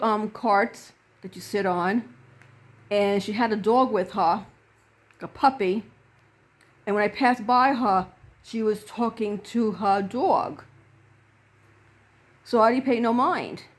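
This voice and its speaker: A woman's voice: medium pitch, slow pace, long pauses. A woman reverend telling a personal story to camera in an earnest way, acting out the quoted dialogue.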